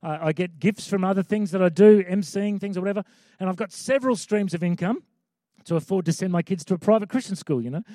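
A man's voice: sits high, fast talker, warm tone, dry recording, studio quality. A man preaching a sermon as pastor, conversational with emphatic repeated lines.

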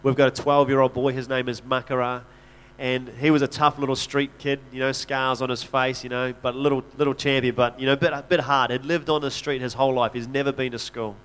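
A man's voice: medium pitch, little pitch movement, brisk, fairly bright tone, clear, resonant tone. A man speaking as a missionary in a church talk, telling stories earnestly and conversationally, often restarting his sentences. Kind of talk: church talk, personal storytelling.

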